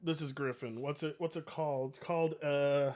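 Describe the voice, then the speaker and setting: A man in his late twenties reacting to clips on a live stream, excitable, laughing often and swearing. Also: on the high side, moderate pace. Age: 20s.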